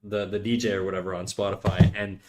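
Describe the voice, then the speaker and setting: A man's voice: deep voice, level tone, fast talker, darkish tone. A man streaming while he draws, chatting casually with viewers and giving loose drawing tips in a rambling, joking way that often breaks off mid-sentence. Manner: rambling, self-interrupting, jokey.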